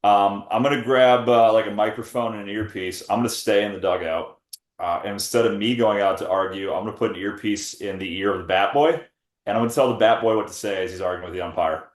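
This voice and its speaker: A man's voice: on the low side, steady tone, quick pace, roomy sound. A man co-hosting a podcast in casual chat, rambling and joking with plenty of swearing. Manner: rambling, jokey, swears freely. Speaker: podcast co-host.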